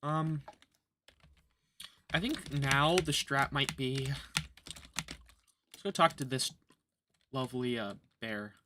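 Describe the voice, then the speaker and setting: Over a noisy background, a man livestreaming a game talks slowly in a mid-range voice, leaving long pauses. He's joking and sarcastic, chewing gum and muttering to himself as he plays and comments casually.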